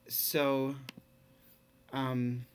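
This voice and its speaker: A man teaching a recorded online lesson in a casual, halting way, full of fillers. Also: mid-range voice, clear, resonant tone. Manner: relaxed, casual.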